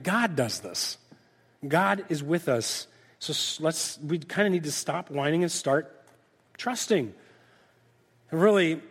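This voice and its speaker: A middle-aged male pastor preaching a sermon, acting out lively back-and-forth dialogues with God. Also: mid-range voice. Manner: animated, acts out dialogue with God in different voices. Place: church sanctuary. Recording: reverberant church hall.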